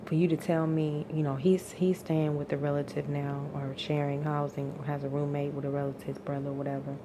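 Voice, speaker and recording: A woman vlogger with a low-pitched, level voice vents in a fairly quick, profane personal rant against a noisy background. She sounds tired and exasperated, her voice climbing into outbursts.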